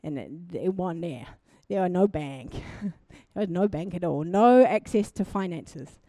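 A young woman preaching a sermon, telling a personal testimony in an animated way and building to fervent exhortation. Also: lowish voice, measured pace, dry recording. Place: church.

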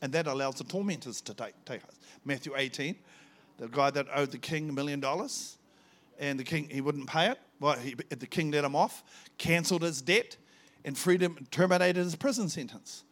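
A man's voice: a little high, moderate pace, fairly bright tone. A man preaching a testimony sermon, telling his story fervently and rising to emphatic peaks.

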